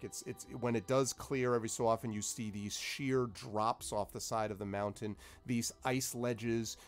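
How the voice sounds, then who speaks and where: A man narrating as game master of a tabletop game, rambling with many fillers. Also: fairly low pitch.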